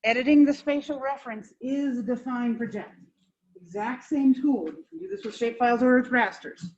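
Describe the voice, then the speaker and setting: Blunt, informal woman teaching software. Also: fairly high pitch, normal speed, dull audio. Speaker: GIS instructor. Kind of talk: classroom software demonstration.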